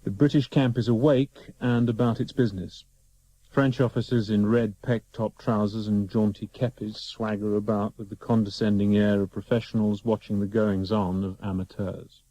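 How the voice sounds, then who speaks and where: A man narrating and reading stage directions for a radio drama in a plain, measured way. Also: fairly low pitch, flat delivery, mellow, highs cut off.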